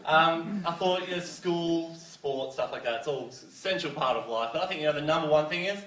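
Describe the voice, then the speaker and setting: A teenage male stand-up does a rambling, self-deprecating bit full of fillers in front of a live school audience, speaking fairly quickly in a high, slightly bright voice. The distant mic picks up hall echo, slight background noise and the crowd's laughter.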